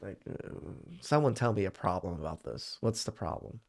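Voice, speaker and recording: A man's voice: deep voice, lively intonation, moderate pace, gravelly. A man in his thirties co-hosting a podcast, reacting to clips in a blunt, sarcastic way. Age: 30s. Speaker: podcast co-host. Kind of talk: reaction commentary.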